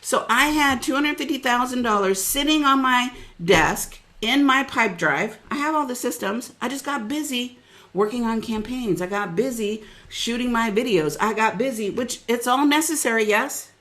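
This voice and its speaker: A middle-aged woman business coach giving an energetic, preachy motivational webinar talk and calling out listeners by name. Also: fairly high pitch, moderate pace.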